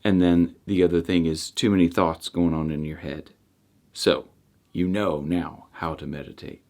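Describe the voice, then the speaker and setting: A man hosting a self-help channel, giving casual meditation advice to camera in a rambling way, with restarts and soft trailing endings. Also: low voice, steady tone, normal speed.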